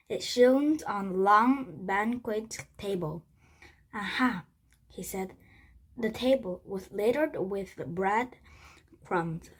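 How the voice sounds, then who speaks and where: A woman reading a children's chapter book aloud, halting with frequent restarts and slips. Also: mid-range voice, breathy edge, poor audio. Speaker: storybook reader.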